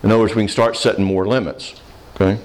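A man's voice: fairly low pitch, fast. A middle-aged man answering audience questions in a casual seminar talk, telling stories and acting out the people in them. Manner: animated storyteller who acts out the people he quotes.

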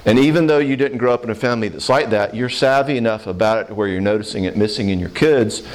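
A man's voice: lowish voice, quick pace. A middle-aged man answering audience questions in a casual seminar talk, telling stories and acting out the people in them. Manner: animated storyteller who acts out the people he quotes.

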